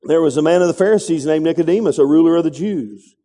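Preacher guy, high voice, emphatic call-and-response sermon, big echoey hall. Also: fast, warm tone. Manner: emphatic, calls out to the congregation. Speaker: pastor.

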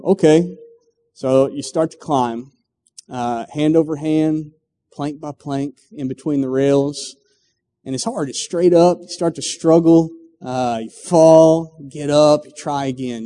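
A man's voice: a little high, dark tone. A middle-aged man preaching a sermon, telling a story full of acted quotes and stumbling restarts. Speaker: pastor. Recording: long hall reverb.

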